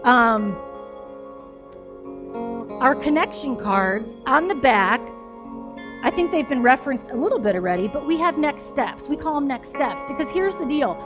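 High-voiced woman preaching a chatty sermon. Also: very animated, unhurried, pauses often, dull audio, over music. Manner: chatty, self-deprecating, lots of fillers. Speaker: pastor. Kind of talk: conversational storytelling sermon.

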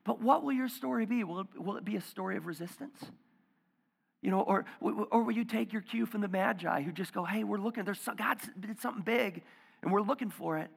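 Male pastor, gravelly, fairly high voice, conversational sermon, hushed to loud. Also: fairly quick, long reverb tail. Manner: conversational, swings from hushed near-whispers to loud emphatic bursts. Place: church auditorium.

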